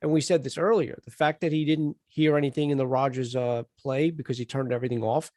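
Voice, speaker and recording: A man's voice: medium pitch, fairly even intonation, fast talker, darkish tone, no echo, clean studio sound. A man on a podcast, earnestly explaining and arguing his view. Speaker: podcast co-host. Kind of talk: casual chat.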